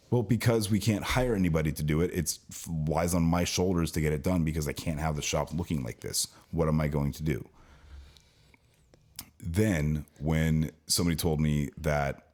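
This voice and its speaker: A man's voice: extremely low pitch, brisk, a little mellow. A man co-hosting a casual podcast, telling a long, venting story about his work at a car dealership, with frequent restarts. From California, US. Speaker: podcast co-host, service department worker at a car dealership.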